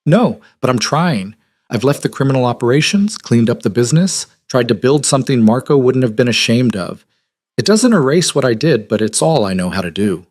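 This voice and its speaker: A man's voice: mid-range voice, animated, fairly quick, voice pushed up, lightly acted. A man playing a remorseful former crime boss. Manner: quiet, remorseful.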